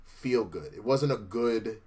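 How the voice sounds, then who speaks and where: A man's voice: on the low side, slow pace, darkish tone, husky. Laid-back, profane male co-host. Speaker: co-host reviewing a TV episode. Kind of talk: casual podcast chat.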